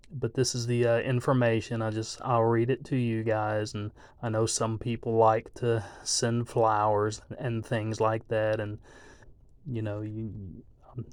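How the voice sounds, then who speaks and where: Slow grieving man, flat delivery. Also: on the low side, clear, resonant tone, no echo. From southeast Texas. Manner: halting, many pauses and restarts, grieving. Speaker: channel host. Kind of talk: reading an obituary to viewers.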